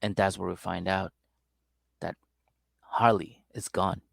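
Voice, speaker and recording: A man's voice: low voice, level tone, slow, creaky, dry recording, studio quality. A man co-hosting a comedy podcast, casually recapping a reality show and acting out the people in it with profanity. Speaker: podcast co-host.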